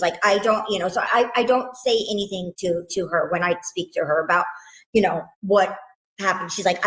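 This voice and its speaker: A woman, a victim's mother, recounting events in an emotional interview, halting with many restarts and quoting what others said. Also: mid-range voice, bright, forceful tone, echoey room, rough recording.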